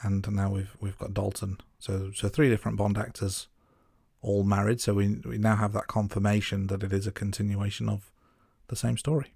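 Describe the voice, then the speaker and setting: A man's voice: lowish voice, flat delivery, normal speed, vocal fry, a little mellow, husky, no echo, studio quality. A man co-hosting a podcast, chatting casually about a film, laughing at himself and restarting his sentences. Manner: self-deprecating, laughs at himself, stumbling restarts. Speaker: podcast co-host.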